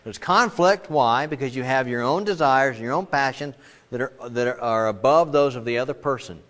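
A man's voice: normal speed, fairly bright tone. Middle-aged guy preaching a sermon, chatty, does little voices for quotes, big echoey hall. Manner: conversational preaching, acts out quoted voices with big pitch jumps. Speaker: pastor. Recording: long reverb of a large hall.

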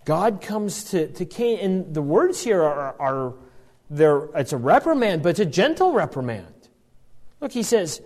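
A man teaching scripture, reading verses aloud and then unpacking them. His voice sits a bit high and moves a lot, rising and falling as he explains. He often restarts his sentences as he works through the text. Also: lively intonation, normal speed, darkish tone. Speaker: Bible teacher. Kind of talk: Bible teaching.

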